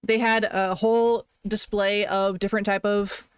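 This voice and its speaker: A woman talks casually on a live stream, wandering from one thought to the next and gushing whenever something delights her. Her voice sits at an ordinary middle pitch for a woman. The sound is dry and close, with no room echo. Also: level tone, moderate pace, clean tone. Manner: chatty and rambling, gushing over small pleasures.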